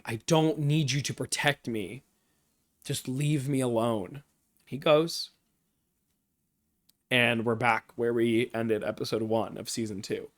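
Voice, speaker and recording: Man, livestream recap, unhurried, emotional fan, rambling asides, mid pitch. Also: fairly bright tone. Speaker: streamer. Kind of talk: livestream episode recap and analysis.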